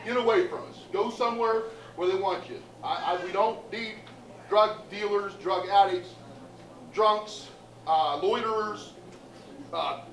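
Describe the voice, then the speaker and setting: A man's voice: high voice, measured pace, fairly bright tone, low-quality recording. A man from Youngstown, Ohio, a neighborhood association member, speaking emphatically in a documentary interview and listing things off one after another. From Youngstown, Ohio, USA. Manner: emphatic, reeling off lists.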